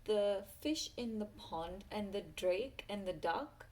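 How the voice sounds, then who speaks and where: A woman reading a rhyming picture book aloud in a sing-song way, pausing for little asides to her listener. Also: mid-range voice, lively intonation, darkish tone. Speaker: storyteller.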